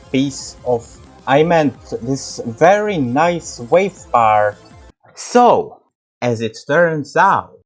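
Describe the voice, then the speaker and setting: A man giving casual commentary over his own gameplay, exasperated and swearing often. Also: medium pitch.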